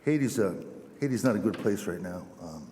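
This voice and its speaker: A man who is a missionary priest, telling a self-deprecating story to a parish with many halting restarts. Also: on the low side, lively intonation, mellow, a little hiss or hum. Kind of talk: storytelling church talk. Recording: echoey church hall.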